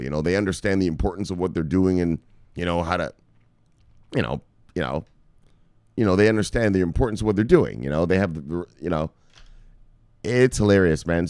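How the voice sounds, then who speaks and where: A man's voice: sits low, lively intonation, a little fast, pauses often, darkish tone, clean tone, dry recording, studio quality. A man hosting crypto news, ranting with casual profanity and lots of fillers. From United States.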